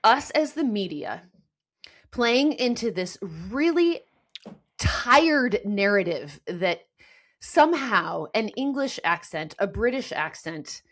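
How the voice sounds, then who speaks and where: A woman's voice: mid-range voice, very animated, slow pace, a bit bright. A woman from the United States hosting a casual podcast chat, earnest and frustrated, often restarting her sentences. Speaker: podcast host.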